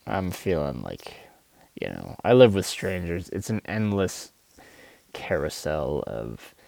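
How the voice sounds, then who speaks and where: A man with a deep, gravelly voice talks slowly through an emotional, halting monologue from his car, now and then reading his own poems. The sound is close and dry, with no room echo. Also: sing-song, a little mellow. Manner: agitated, emotional, halting with fillers. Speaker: podcast host reading his own poetry. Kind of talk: rambling confessional monologue. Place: inside a car.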